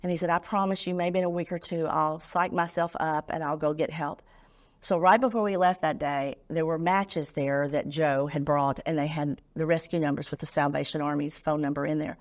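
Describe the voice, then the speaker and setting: A woman's voice: deep voice, fairly even intonation, normal speed. A middle-aged woman, a nonprofit founder telling her story as a guest on a talk show and acting out the voices she quotes.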